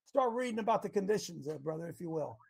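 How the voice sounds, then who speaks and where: A man preaching an interactive sermon, animated and quizzing his listeners, bursting into shouts to drive a point home. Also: sits high, fast, gravelly. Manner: banters with and quizzes the congregation.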